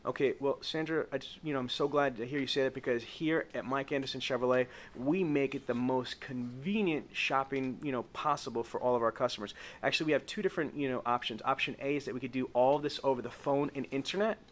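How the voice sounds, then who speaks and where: A man's voice: medium pitch, fast, hardly any pauses. A man running a live sales training with role-play, coaching in an emphatic way that stretches key words and keeps checking the group agrees.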